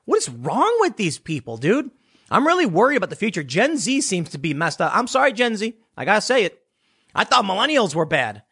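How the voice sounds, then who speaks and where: A man's voice: high voice, very animated, brisk, a bit bright, breathy edge. A man ranting as a political commentator, sarcastic, dismissive and blunt. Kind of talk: casual opinion rant.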